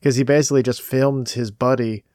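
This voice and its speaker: A chatty man tells stories and shares his excitement in a casual game chat, his voice sitting at an ordinary pitch. It is recorded close and dry. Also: fairly quick, no echo. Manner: eager fan, chatty storyteller. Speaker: podcast co-host. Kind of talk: casual chat about video games.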